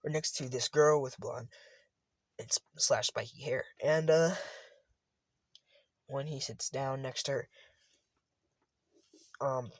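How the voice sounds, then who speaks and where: A man's voice: mid-range voice, steady tone, slow, long pauses, dry recording. A man casually retelling a fan story, rambling and often correcting himself.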